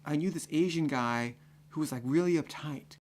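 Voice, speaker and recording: A stubborn young man, as a storyteller quotes him, brushing things off in an offhand, shrugging way. The voice sits a little high and stays casual. He sounds sure of himself and unbothered. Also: normal speed, darkish tone, close to an everyday voice. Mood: dismissive. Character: young man, dismissive, stubbornly prejudiced friend.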